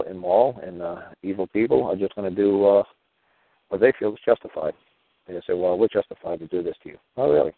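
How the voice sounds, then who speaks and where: A man hosting a talk show, delivering a combative monologue full of rhetorical questions. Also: low-pitched. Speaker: show host. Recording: tinny phone-like radio audio.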